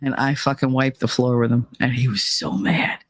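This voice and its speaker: While traveling away from home, a woman chats casually on a livestream, swearing freely as she tells stories, answers chat and mimics others in quotes. Her very deep voice moves at normal speed with no room sound.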